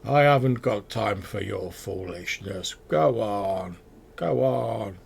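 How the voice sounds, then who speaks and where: A man voicing a slow, old-fashioned male plant dwarf with a moss beard, speaking courteously in a tabletop game. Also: on the low side, animated, gravelly, breathy edge, exaggerated voice. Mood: shooing.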